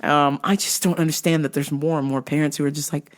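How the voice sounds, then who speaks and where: A woman's voice: low-pitched, fast. A young adult woman hosting a podcast, telling a story casually, swearing and acting out other people's voices. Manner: animated, profane, acts out other people's voices. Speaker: podcast host.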